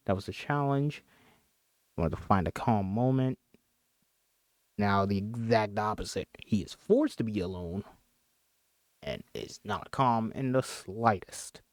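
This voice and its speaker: A man's voice: on the low side, darkish tone, no room sound, clean studio sound. Chatty man reading a horror script aloud. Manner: chatty, laughs, jokes and apologizes between lines. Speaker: script reader. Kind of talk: casual script reading with commentary.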